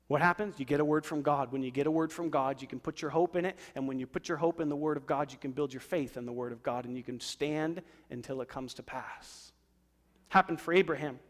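A man preaching a sermon, swinging between loud emphatic lines and soft, low asides. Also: long reverb tail. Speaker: pastor.

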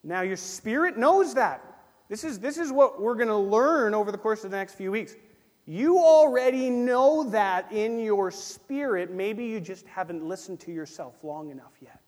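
Man, pastor, animated sermon, high voice, repeats lines, long church-hall reverb. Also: moderate pace. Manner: animated preaching, acts out little dialogues, repeats phrases.

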